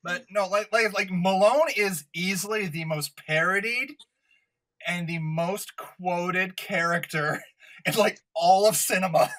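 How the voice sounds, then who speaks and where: A man's voice: high-pitched, a little slow, a bit bright. A tipsy man on a podcast, recapping a film plot and laughing easily in casual chat. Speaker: podcast host.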